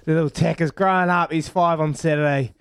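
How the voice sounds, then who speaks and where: A man's voice: on the high side, steady tone, fairly quick, smooth, no room sound. A New Zealand man in his thirties hosting a breakfast radio show, chatting casually with matey slang and frequent laughs, on a studio microphone.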